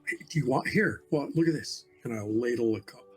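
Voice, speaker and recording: A man's voice: mid-range voice, fairly quick, husky, faint music behind. A man playing a character in a tabletop game, casual and friendly. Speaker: player.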